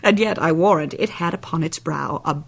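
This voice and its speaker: A woman's voice: deep voice, a little fast, creaky. An actress playing a chattering, bawdy old female nurse who rambles on and laughs at her own jokes in a Shakespeare reading. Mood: rambling. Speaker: actor.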